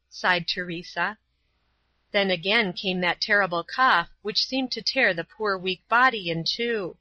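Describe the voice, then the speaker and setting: A woman's voice: medium pitch, unhurried, pushed and bright, dry recording, rough recording. Woman reading a storybook aloud. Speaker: audiobook reader. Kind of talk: scripted narration.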